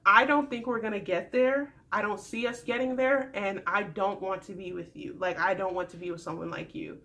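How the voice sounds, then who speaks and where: A woman imitating a young woman who calmly and firmly turns a man down. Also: medium pitch. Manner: calm, measured, firm. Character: calm firm young woman turning a man down.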